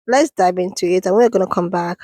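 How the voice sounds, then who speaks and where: A woman's voice: on the low side, brisk, dark tone, no echo. Cheerful woman hosting a reaction channel. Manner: cheerful, addresses viewers as lovelies, laughs often. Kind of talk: casual commentary to viewers.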